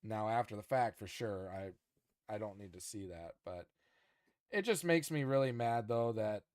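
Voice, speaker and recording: A man's voice: on the low side, measured pace, no echo. Male podcast co-host, casual, heated, dry close mic. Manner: animated, frustrated, many restarts. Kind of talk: casual chat.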